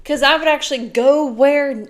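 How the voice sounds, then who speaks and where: A woman's voice: high voice, moderate pace, a little hiss or hum. A woman co-hosting a casual podcast, blunt and profane in her opinions. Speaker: podcast co-host. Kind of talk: casual chat.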